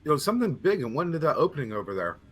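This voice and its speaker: A man playing in a tabletop game, chatting eagerly and excitably. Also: a little high, very fast, husky. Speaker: player. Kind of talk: casual tabletop game chat.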